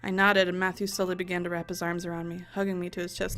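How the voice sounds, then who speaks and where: A young woman with a fairly low voice talks fast as she plays a visual novel, reading the story aloud. The let's play host is expressive, breaking in with profane, joking asides over faint music.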